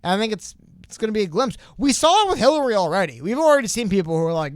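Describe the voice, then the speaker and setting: Man, high voice, dry close sound, casual podcast chat, rambling, animated, frequent restarts. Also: rapid-fire, clear, resonant tone, no room sound. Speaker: podcast co-host.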